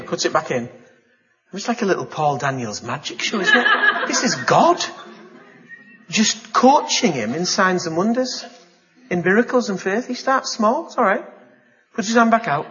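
A man preaching a sermon, telling a story with gasps, exclamations and lively asides. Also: a little high, moderate pace, highs cut off. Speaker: pastor.

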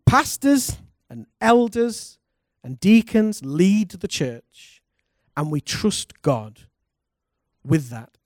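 A man, a pastor, preaching a lively sermon and calling on the congregation to respond. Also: high voice, extremely slow, dry recording, clean studio sound. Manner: animated preaching, calls for congregation responses, laughs.

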